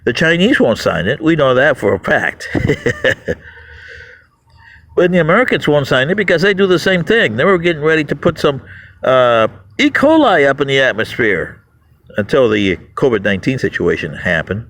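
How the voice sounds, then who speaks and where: A man's voice: big pitch swings, brisk, fairly bright tone, rough recording. A man hosting his own channel, delivering a mocking, ranting monologue and laughing at his audience. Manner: mocking, laughs at the audience, swings pitch widely. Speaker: YouTube channel host.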